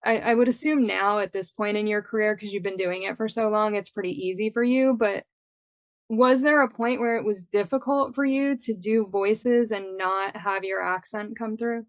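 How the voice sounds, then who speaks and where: A woman hosts a fan podcast interview and asks her questions with bright curiosity. Her voice sits at a middle pitch, and the sound is dry and close with no room echo. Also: normal speed. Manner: curious, enthusiastic. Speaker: podcast host.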